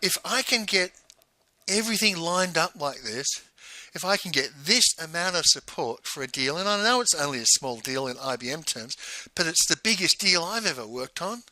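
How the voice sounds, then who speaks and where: A man's voice: fairly high pitch, lively intonation, normal speed, pushed and bright, dry recording, poor audio. A man, a former salesman, telling his own story frankly, with bursts of indignation. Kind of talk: candid personal storytelling.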